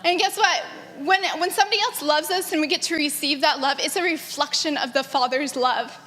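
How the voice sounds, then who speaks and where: A woman in her thirties giving an earnest, animated personal testimony about her grandfather to a gathering, often breaking into laughter. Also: high-pitched, brisk. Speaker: granddaughter sharing memories. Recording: echoey hall.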